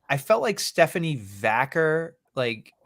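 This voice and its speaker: A man's voice: a little high, sing-song, a little slow, fairly bright tone. A man co-hosting a podcast, casually chatting and joking about wrestling, swearing freely. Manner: laid-back, joking, profane. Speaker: podcast co-host.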